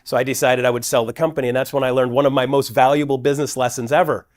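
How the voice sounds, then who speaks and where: A lively man telling his own story. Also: medium pitch, rapid-fire. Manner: energetic, acts out quoted dialogue with shifting voices. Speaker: guest speaker at a real estate event. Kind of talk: personal storytelling talk.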